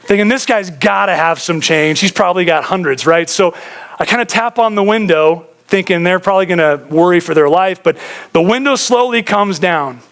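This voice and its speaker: A man preaching a sermon as pastor in a church, talking casually to the congregation and telling stories. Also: sits high. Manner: conversational storytelling preacher, addresses audience as guys.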